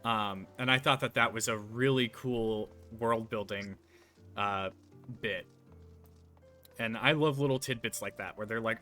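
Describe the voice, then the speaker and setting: A man's voice: fairly low pitch, a little slow, pushed and bright, faint music behind. A man streaming a game, chatting casually and rambling with many fillers. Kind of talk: casual gameplay chat.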